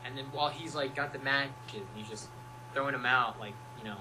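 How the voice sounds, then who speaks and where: A man's voice: mid-range voice, fairly quick, background noise. A young man, a music producer, chatting casually in an interview and acting out quotes as he rambles through playful stories. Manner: playful, rambling storyteller who acts out quotes. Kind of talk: casual chat.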